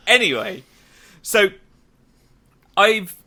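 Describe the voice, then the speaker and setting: Young British male podcast host, bright forward tone, rambly with lots of "like"s. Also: sits high, sing-song. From Britain. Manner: rambling, many "like" fillers, quick bursts. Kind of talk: casual podcast chat.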